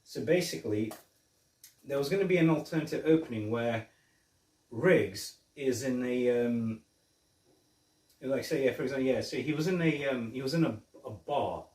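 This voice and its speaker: A man's voice: medium pitch, normal speed, long pauses, darkish tone. A man hosting a casual film review podcast, retelling scenes in a rambling way with restarts. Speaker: podcast host. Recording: roomy, mic at a distance.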